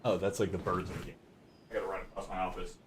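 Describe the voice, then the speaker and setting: A man's voice: deep voice, little pitch movement, rapid-fire, slight background noise. A man streaming a video game from his home office, chatting casually with many fillers and the odd swear. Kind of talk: casual live-stream chat while gaming.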